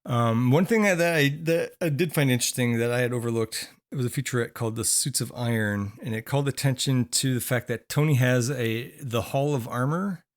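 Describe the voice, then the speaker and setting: A man's voice: mid-range voice, a little fast, few pauses. A man co-hosting a podcast in casual chat, rambling with fillers while losing his voice. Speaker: podcast co-host.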